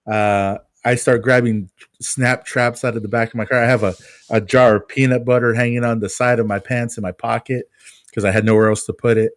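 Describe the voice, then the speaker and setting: Man telling a lively story, dry sound. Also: medium pitch, brisk, dry recording. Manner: animated, self-mocking storyteller. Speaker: podcast co-host, pest control technician. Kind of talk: casual podcast storytelling.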